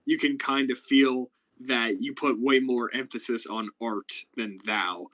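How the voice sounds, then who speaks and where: A man's voice: mid-range voice, steady tone, a little slow, fairly bright tone, rough recording. A young man hosting a casual live stream chat, explaining things with lots of fillers and restarts. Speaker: podcast host.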